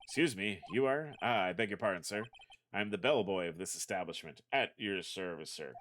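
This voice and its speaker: A man's voice: sits low, expressive, fairly quick, fairly bright tone, a little hiss or hum. A man doing a fussy, polite hotel bellboy. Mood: courteous. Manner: formal, deferential, says sir a lot. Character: overly polite young male hotel bellboy.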